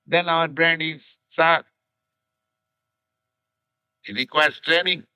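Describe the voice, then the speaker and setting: An older man from India with an Indian accent lectures on scripture in slow, deliberate phrases full of pauses, on an archival 1960s lecture tape. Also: a little high, sharp tone, no echo, rough recording. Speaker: spiritual teacher.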